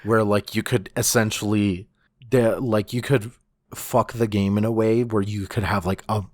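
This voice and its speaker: A man co-hosts a podcast in casual conversation, rambling along with many restarts and the occasional swear word. His voice is on the low side with fairly even intonation and a normal pace. The recording is dry and studio quality.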